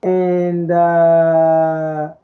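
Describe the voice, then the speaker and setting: A woman's voice: deep voice, level tone, drawn-out words. A woman podcast co-host from French-speaking Africa, a native Fulani speaker, chatting casually, rambling and repeating words with many "you know"s. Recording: dull lo-fi audio.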